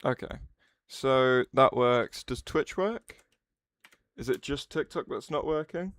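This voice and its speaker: A man's voice: medium pitch, slow, a bit bright, dry recording. A man hosting a casual livestream, rambling, restarting his sentences and answering chat messages aloud.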